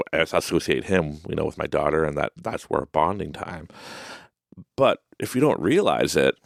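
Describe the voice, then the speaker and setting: A low-voiced man with a gravelly, creaky edge hosts a podcast, rambling through a casual monologue and laughing often between remarks. His pitch swings widely as he talks, and the sound is close and dry, recorded in an office. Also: fairly bright tone, no echo. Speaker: podcast host.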